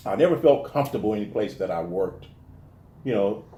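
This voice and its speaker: A man from the telling stories in a casual interview, animated and restarting his sentences often. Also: fairly low pitch, fairly quick, echoey room. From American South. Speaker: guest talking about his life.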